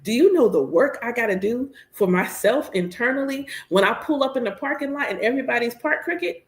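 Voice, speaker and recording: A woman in her thirties, a priestess, chatting casually and candidly while she works, playful and animated. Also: fairly high pitch, brisk. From United States. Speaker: priestess and host. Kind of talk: casual chat while working. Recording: echoey room.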